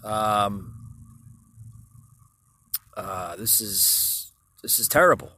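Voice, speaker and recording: A man's voice: fairly low pitch, lively intonation, drawn-out words, pushed and bright, a little hiss or hum. A man hosting a solo podcast, rambling through the news with many fillers and restarts and talking straight to his listeners. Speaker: podcast host. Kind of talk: casual solo podcast commentary.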